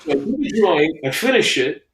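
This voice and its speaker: A middle-aged man, a guest artist on a video call, tells stories from his career in a casual, animated way and acts out what others said. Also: on the high side, fairly quick, a little hiss or hum. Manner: animated storyteller acting out other people's lines. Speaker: guest album cover artist. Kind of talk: casual storytelling interview. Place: home studio with framed records on the wall. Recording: roomy echo.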